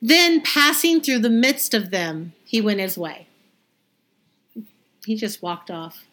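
A woman reading scripture aloud and then explaining it in a lively, conversational way, as a Bible study teacher. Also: mid-range voice, takes it slowly. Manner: lively, conversational, acts out the crowd's reactions.

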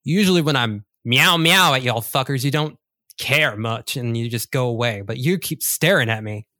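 A woman voicing a rude, streetwise talking black cat in a tabletop game, brash and mocking, with a very low voice. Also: normal speed, pushed and bright, dry recording, studio quality. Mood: hostile.

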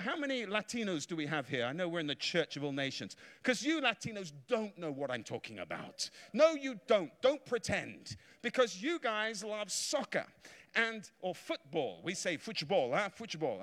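Animated English preacher in a reverberant hall. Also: male voice, high voice, normal speed. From England. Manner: animated, jokey storytelling with calls of hallelujah and amen. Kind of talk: revival sermon. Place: large church hall.

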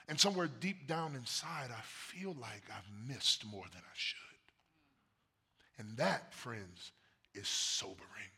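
A pastor, preaching a sermon, swinging from soft murmurs to loud emphatic bursts. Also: male voice, on the high side, expressive, unhurried, husky. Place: church sanctuary.

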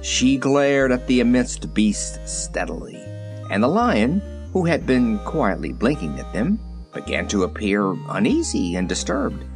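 Male audiobook narrator, lively pitch, measured reading, faint music behind. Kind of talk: storybook narration.

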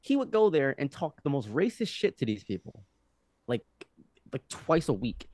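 Podcast guest, man in his 20s, animated rambling storyteller, lively pitch, dry close recording. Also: moderate pace, dry recording. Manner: animated, rambling, frequent restarts. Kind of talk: casual storytelling.

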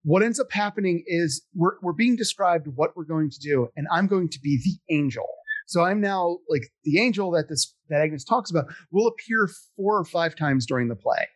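A man's voice: on the high side, lively intonation, moderate pace. A middle-aged man telling a long story in casual chat, rambling and self-deprecating, with many fillers. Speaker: podcast guest telling stories.

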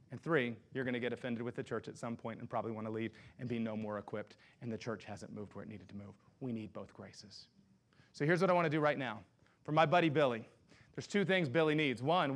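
A man preaching as a pastor, talking to his congregation in a sermon full of rhetorical questions and direct address. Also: medium pitch. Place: church sanctuary.

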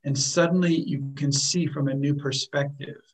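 A man teaching a workshop group in a calm, explanatory way, often repeating words as he thinks. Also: a little high, normal speed, poor audio. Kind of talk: teaching a group, with acted example lines.

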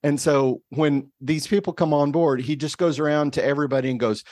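A man's voice: fairly high pitch, steady tone, fairly quick, a little mellow, no room sound. A man hosting a casual interview who laughs easily and tells loose, easygoing anecdotes. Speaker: podcast host.

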